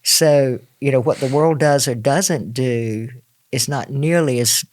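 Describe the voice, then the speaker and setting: A man's voice: mid-range voice, measured pace. A man hosting a podcast who talks casually, laughing often and restarting his sentences. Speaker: podcast host. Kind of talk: casual conversation.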